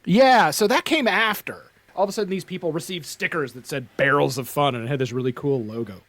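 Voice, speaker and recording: A man's voice: fairly high pitch, brisk, no room sound. Chatty Atlantic Canadian man, dry close mic. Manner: animated, rambling, fond of "like" and "right?". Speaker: podcast co-host. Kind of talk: casual chat.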